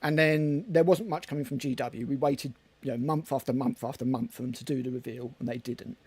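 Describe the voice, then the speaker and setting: A man's voice: mid-range voice, steady tone, a little fast, a little mellow, slightly rough. A man co-hosting a casual hobby podcast, rambling and chatty with casual swearing. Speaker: podcast co-host. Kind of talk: casual chat.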